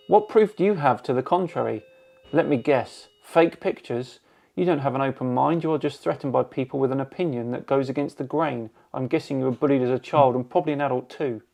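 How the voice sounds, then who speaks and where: A man's voice: medium pitch, darkish tone. A man from England hosting a channel, reading hostile viewer comments aloud with dry, sarcastic replies.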